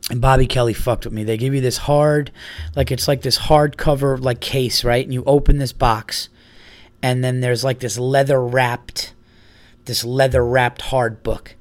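A man's voice: mid-range voice, no echo. Guy rambling on his podcast, swears a lot, does his buddies' voices, dry close mic. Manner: rambling storyteller, swears freely, acts out friends' lines. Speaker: podcast host. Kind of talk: casual solo podcast chat.

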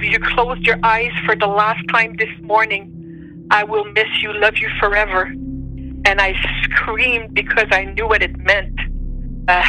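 A woman's voice: mid-range voice, low-quality recording. A woman from Montreal, a native French speaker with a Quebec French accent, telling a personal story with emotion. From Montreal, Canada. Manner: emotional, animated, voice rising on quoted speech. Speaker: storyteller guest.

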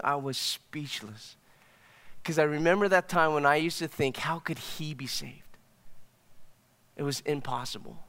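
A young man, a pastor, telling a personal story in a sermon, swinging from hushed to excited. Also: high-pitched, smooth, in a large hall. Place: church hall.

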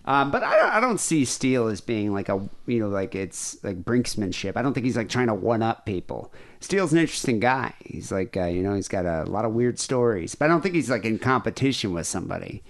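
This is a man hosting a call-in podcast, talking loosely and circling back on himself. His pitch moves up and down a lot as he riffs between calls, never quite landing a sentence cleanly. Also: big pitch swings, brisk, few pauses. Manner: rambling, loose, frequent fillers and restarts. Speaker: podcast host. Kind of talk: casual call-in show chat.

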